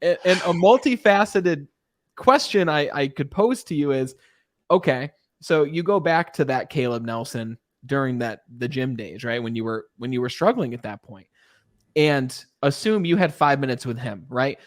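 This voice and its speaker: A man's voice: medium pitch, expressive, normal speed, no echo, clean studio sound. A man hosting a podcast, enthusiastically posing long, layered questions to his guest. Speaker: podcast host. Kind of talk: interview conversation.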